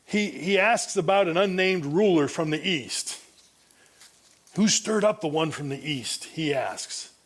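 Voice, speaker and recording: High-voiced male preacher. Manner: expository preaching, reading and comparing Bible translations; frequent restarts and repeated words. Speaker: pastor. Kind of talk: sermon.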